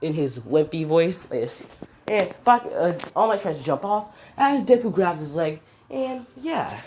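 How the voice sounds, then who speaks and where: A woman's voice: lowish voice, animated, measured pace, darkish tone, a little hiss or hum. A woman casually improvising a fan story, rambling with restarts and swearing.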